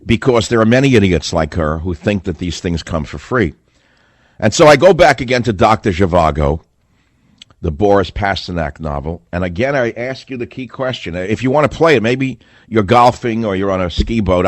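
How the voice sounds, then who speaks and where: Man, talk radio host, low voice, sarcastic, emphatic, dry close sound. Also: expressive, normal speed, no room sound.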